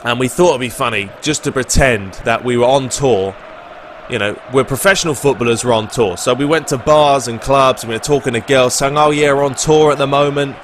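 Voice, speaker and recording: A man's voice: medium pitch, fairly quick, slight background noise. A young man with a London English accent answers viewer questions in a casual, laid-back chat over gameplay, with plenty of filler words. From England.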